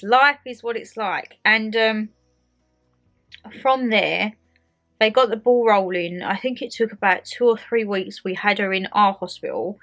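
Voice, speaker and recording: A young woman with an Essex accent talks casually to her phone camera at home, filming it in her own hand. She tells her story in a chatty, animated way, slipping into the voices of the people in it. Faint music sits behind her. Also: medium pitch. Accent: Essex English. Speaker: vlogger. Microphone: handheld phone camera.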